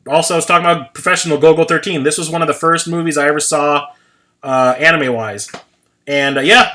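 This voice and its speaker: A man's voice: a little high, bright, forceful tone. A man in his forties chatting casually on a livestream, rambling, swearing freely and laughing at himself. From United States. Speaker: livestream host.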